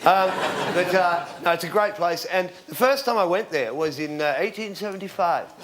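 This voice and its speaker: A stand-up comedian in his forties performs on a comedy stage for a live audience, speaking at normal speed in a voice that sits high. He tells rambling deadpan stories laced with fillers and shouts out his punchlines. Loud laughter, applause and background noise fill the recording.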